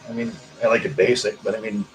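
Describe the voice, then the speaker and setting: A man's voice: lowish voice, steady tone, quick pace, soft background music, rough recording. A man casually hosting a livestream, rambling and swearing while he reads viewer comments aloud. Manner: rambling, profane, hyper. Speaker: livestream host.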